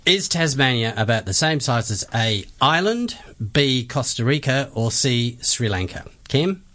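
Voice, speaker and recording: A man's voice: mid-range voice, lively intonation, measured pace, a bit bright. A man co-hosting a podcast, teasing and joking in casual chat. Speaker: podcast co-host.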